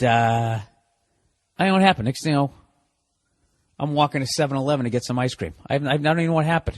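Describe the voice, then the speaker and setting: A man hosting a comedy podcast, delivering a casual monologue of profane, exasperated ranting. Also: medium pitch.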